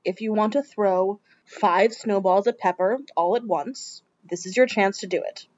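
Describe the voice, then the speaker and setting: A woman's voice: mid-range voice, moderate pace, a little mellow, muffled recording, close to an everyday voice. A woman playing a dry, drawling demon man. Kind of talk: audiobook character reading.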